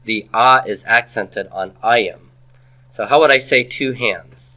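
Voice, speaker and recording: A man's voice: medium pitch, unhurried, pushed and bright. A man giving a classroom grammar lecture, patient, asking the class questions and repeating their answers. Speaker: Hebrew grammar teacher.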